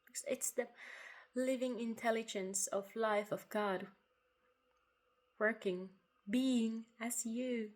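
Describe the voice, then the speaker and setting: A woman giving a reflective spoken monologue about spiritual ideas. She talks softly and without hurry, pausing often, sometimes dropping to a breathy half-whisper. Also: on the high side, fairly even intonation. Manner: soft and unhurried, with long pauses, occasional breathy half-whispers and quiet laughs. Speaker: writer sharing spiritual reflections.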